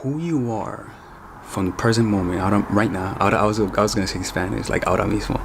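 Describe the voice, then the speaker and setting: A man's voice: on the low side, quick pace, creaky. A man coaching women on dating in a casual, direct monologue, speaking informally to his viewers as "ladies.". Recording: noisy background.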